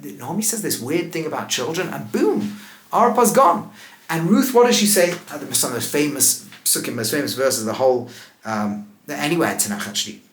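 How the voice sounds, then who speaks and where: Male rabbi, animated lecturer, pitched a little high, roomy echo. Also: moderate pace. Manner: lively, asks rhetorical questions, laughs at the text. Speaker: rabbi teaching. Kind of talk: animated scripture lesson.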